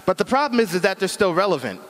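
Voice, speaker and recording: A man's voice: high voice, sing-song, quick pace, a bit bright, in a large hall. A middle-aged man giving a casual, joking talk on internet safety, full of slang. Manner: chatty, joking, uses slang. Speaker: speaker at a cyber safety talk.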